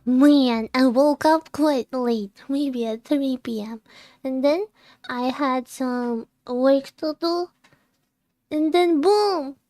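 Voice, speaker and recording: A woman's voice: sits high, slow, mellow, no echo. A woman streaming a game and chatting casually, giggling often as she greets viewers one by one. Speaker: VTuber streamer. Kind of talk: casual livestream chat.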